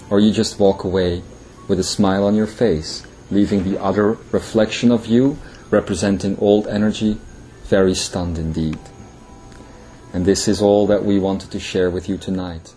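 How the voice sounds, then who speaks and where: A man delivering a channeled spiritual message, speaking slowly and solemnly in short, measured phrases. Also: fairly low pitch, steady tone, a little mellow, slight background noise.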